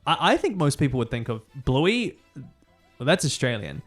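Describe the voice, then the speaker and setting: A man's voice: mid-range voice, sing-song, normal speed, faint music behind. A young man with a New Zealand accent, a streamer chatting casually and reading out viewer messages. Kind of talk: casual chat.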